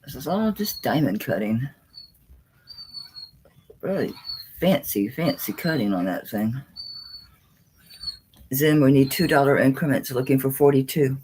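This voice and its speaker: Woman, live-stream jewelry auctioneer; relaxed, chatty, very animated pitch. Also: measured pace, pauses often, a little hiss or hum, low-quality recording. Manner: chatty, coos at her dog between bids.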